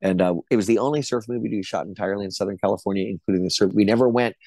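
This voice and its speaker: A man's voice: lowish voice, racing, darkish tone, no echo. A middle-aged man, an actor being interviewed, telling casual anecdotes and acting out the quotes. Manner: chatty storyteller, acts out quotes. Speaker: actor guest.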